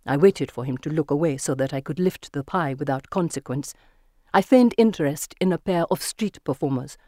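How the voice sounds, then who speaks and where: An audiobook narrator reading a first-person story in a measured, vivid storytelling manner on a close mic. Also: mid-range voice, dark tone, no echo.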